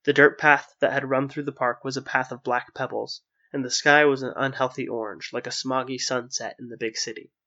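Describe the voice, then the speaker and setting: Measured male storyteller, muffled audio. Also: mid-range voice, flat delivery, bright, forceful tone. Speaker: narrator. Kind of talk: storybook reading.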